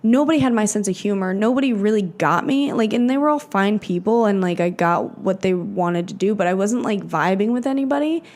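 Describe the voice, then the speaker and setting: A woman's voice: medium pitch, lively intonation, a little fast, few pauses, a little mellow. Chatty young woman podcast co-host. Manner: chatty, filler-heavy, swears freely, acts out quotes. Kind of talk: casual chat.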